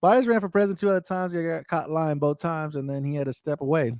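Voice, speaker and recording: A man's voice: a little high, fairly even intonation, fast talker, darkish tone, no echo, clean studio sound. American man ranting on a livestream. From United States. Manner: ranting, profane, frustrated. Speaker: livestream host. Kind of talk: casual livestream chat, reading viewer comments.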